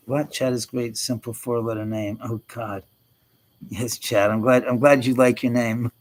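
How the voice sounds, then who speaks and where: A middle-aged man hosts a casual livestream and chats loosely with his viewers. His voice sits at an ordinary middle pitch. He laughs easily and swears freely as he talks. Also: normal speed, poor audio. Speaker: livestream host. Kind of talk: casual livestream chat reading comments.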